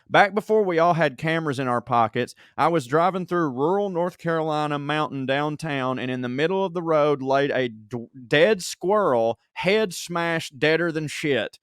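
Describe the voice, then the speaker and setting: A man with a fairly high, smooth voice co-hosts a comedy podcast, telling listener stories with lively energy and breaking into laughter as he reads. The sound is dry and close, with no room echo. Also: moderate pace. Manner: animated storytelling, laughs while reading. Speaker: podcast co-host reading listener emails. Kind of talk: casual comedic podcast banter.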